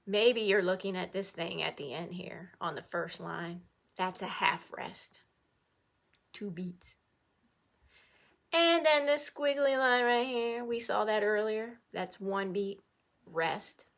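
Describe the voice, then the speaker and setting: Bubbly middle-aged lady teaching kids music, slow and bright, lots of cheering. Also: medium pitch, vocal fry. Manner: playful, animated, cheering with whoops. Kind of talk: online music lesson for children.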